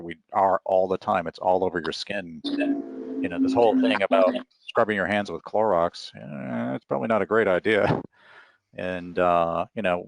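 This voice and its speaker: A middle-aged man speaking as an author guest in a relaxed, rambling interview chat. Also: low voice, creaky, no echo. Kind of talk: casual interview talk.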